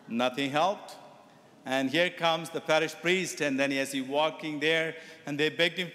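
A man's voice: on the high side, unhurried, a bit bright. A man, a Catholic priest, giving a sermon that mixes teaching with a told story. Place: Catholic church. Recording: echoey church reverb.

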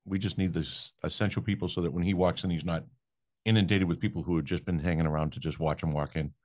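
Very deep-voiced fast-talking man. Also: fairly even intonation, darkish tone. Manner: rapid, rambling question. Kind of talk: conversational interviewing.

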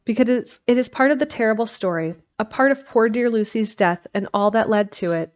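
A woman's voice: fairly high pitch, fairly quick, natural voice. A woman voicing an earnest, brave young Victorian wife, speaking in a pleading way over a dull lo-fi recording.

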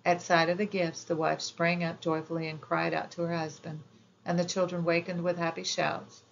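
A woman narrating a children's fairy tale audiobook in a measured, gentle storytelling manner. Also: fairly low pitch, level tone, creaky, lo-fi sound, slight background noise.

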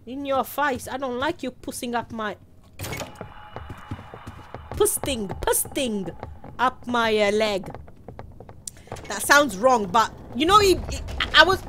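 A British woman streaming a game live, chatting to viewers, squealing and shouting as she plays. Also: on the high side, takes it slowly, pauses often, a little hiss or hum. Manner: excitable, squeals and shouts while playing. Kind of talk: live gameplay commentary.

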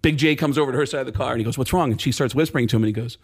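A Canadian man telling a comic story on a radio show, acting out everyone's lines and laughing as he goes. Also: very fast. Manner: acts out other people's lines, pitch jumping high and low, laughing through the story. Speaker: comedian guest telling a story. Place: radio studio.

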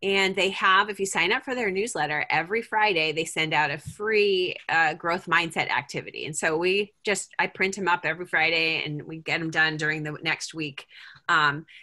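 A woman's voice: low voice, moderate pace, sharp tone. A middle-aged woman leading a parent group over a video call, talking casually and thinking aloud with lots of fillers and restarts.

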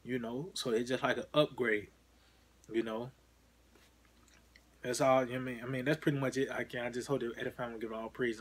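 Male preacher, husky voice, casual sermon, drawn-out scripture readings. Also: mid-range voice, fairly even intonation. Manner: casual, repeats "man" and "you know" often, slows down for scripture. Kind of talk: informal sermon.

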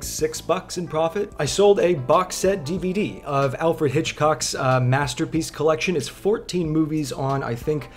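A man talking to camera in a casual vlog with dry, wry delivery. His voice sits a little high, and he lands jokes with a deadpan tone. Soft music plays faintly underneath. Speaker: vlogger.

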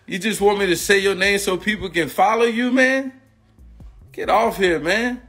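Agitated man ranting, high bright voice. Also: normal speed, husky, soft background music. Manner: agitated, repetitive, confrontational. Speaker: former football player and coach. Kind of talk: heated rant on a live stream.

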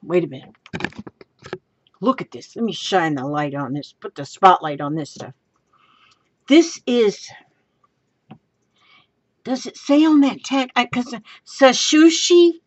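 A woman on a casual craft vlog, exclaiming with delight over her new materials. She talks at an unhurried pace, close and dry. The sound is dull and lo-fi. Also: fairly low pitch, dry recording. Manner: gushing, excitable, exclaims often. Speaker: craft vlogger.

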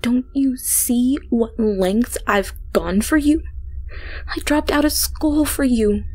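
A woman's voice: fairly high pitch, measured pace, darkish tone, voice pushed up, rough recording. A woman voicing an obsessive young woman stalker who talks in a sugary, doting, pleading way.

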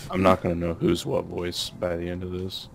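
A man's voice: deep voice, completely flat delivery, moderate pace, creaky, a little hiss or hum. A man joining a let's play as guest, joking dryly. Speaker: co-player guest.

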